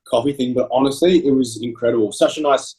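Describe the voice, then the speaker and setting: A man at a mid pitch, chatting casually on a podcast. He tells stories in a relaxed, easygoing way. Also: fast talker, low-quality recording. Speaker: podcast co-host. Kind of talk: casual chat.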